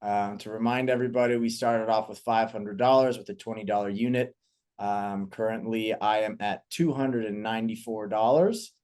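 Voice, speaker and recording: A man's voice: lowish voice, fairly even intonation, normal speed, darkish tone, clear, resonant tone. A man co-hosting a podcast, talking casually in an upbeat, playful, self-mocking way. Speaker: podcast co-host.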